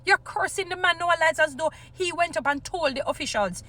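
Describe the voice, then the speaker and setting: A Jamaican woman vlogger with a high, bright voice speaks her opinions with passion. She slips into patois and restarts her sentences often, piling on point after point. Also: fairly quick, slight background noise. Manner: impassioned, mixes patois into English, many restarts. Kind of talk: opinion commentary vlog.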